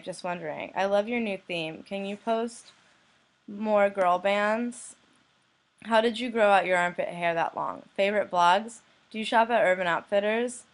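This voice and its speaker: A young woman from the United States, a blogger who reads anonymous messages aloud in a flat, deadpan way. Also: medium pitch. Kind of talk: reading messages aloud to camera.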